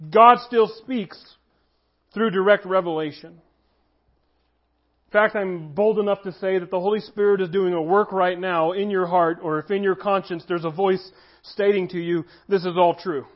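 A man preaching a sermon as pastor, earnest, slowing down to stress key phrases. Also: high-pitched, fairly even intonation, dull audio.

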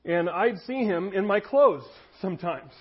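High-voiced man preaching, dull recording. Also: animated, unhurried, slightly rough. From United States. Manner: conversational preaching, shifts into voiced anecdotes. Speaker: pastor. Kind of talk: sermon. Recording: dull lo-fi audio.

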